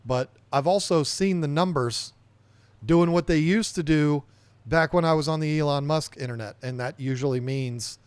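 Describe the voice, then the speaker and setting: A man's voice: a little high, normal speed, smooth, no room sound. A man hosting a livestream podcast, chatting casually and rambling as he reads viewer comments aloud and answers them.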